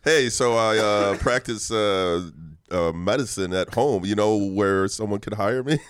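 A man's voice: fairly low pitch, measured pace, smooth. A man co-hosting a casual comedy podcast, joking around and reading out statistics with plenty of fillers. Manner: jokey, reads out stats with fillers. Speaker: podcast co-host.

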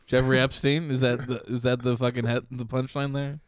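A man's voice: medium pitch, flat delivery, brisk, smooth, dry recording, studio quality. A man co-hosting a casual comedy podcast, making sarcastic, crude jabs at his friends. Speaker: podcast co-host.

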